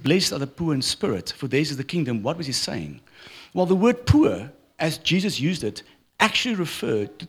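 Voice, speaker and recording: Slightly high and breathy, a middle-aged pastor delivers a church sermon full of humorous stories. His delivery stays lively throughout.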